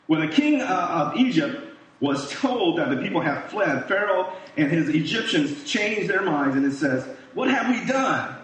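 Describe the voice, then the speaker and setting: A man's voice: a little high, lively intonation, moderate pace, a bit bright. A man giving a casual sermon, reading scripture and retelling it in his own words to his listeners. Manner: casual, talks to listeners, acts out quoted voices. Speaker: pastor. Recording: echoey room, voice from far off.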